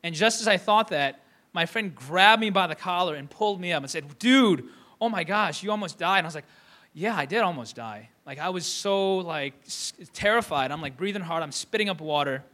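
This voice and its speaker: A man's voice: on the high side, lively intonation, fairly quick, sharp tone. A young man from Michigan preaching a conversational sermon, with many fillers and restarts. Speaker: pastor.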